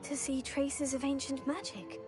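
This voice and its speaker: A polite and earnest young student, speaking at a fairly high pitch. Faint game music plays underneath her. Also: level tone, unhurried.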